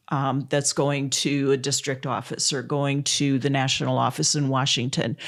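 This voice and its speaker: A middle-aged woman from Missouri, a volunteer advocate telling a story in an interview, laughing often and close to tears. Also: deep voice.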